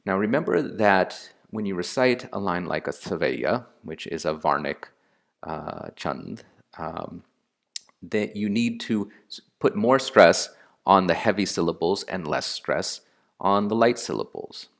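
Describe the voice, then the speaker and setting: Male lecturer, low voice, unhurried and deliberate delivery with thinking pauses. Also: animated, creaky. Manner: slow and deliberate, with pauses and fillers. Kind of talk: explanatory lecture.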